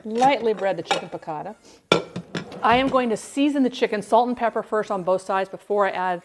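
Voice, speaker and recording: A woman's voice: medium pitch, a little fast, noisy background. A woman hosting a casual cooking livestream from her kitchen, chatting to viewers, humming and singing along, and laughing often.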